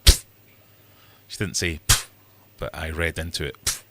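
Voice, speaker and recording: A man's voice: very deep voice, little pitch movement, normal speed, background noise. A middle-aged man hosting a casual livestream chat, rambling jokily with self-mocking asides and acting out other people's voices. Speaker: livestream host.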